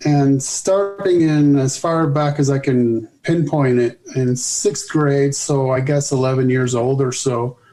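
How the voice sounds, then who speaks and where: A man's voice: mid-range voice, unhurried, hardly any pauses, mellow. A man, an author guest on a podcast interview, talking in a rambling, hesitant way with dry humor. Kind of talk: casual interview chat.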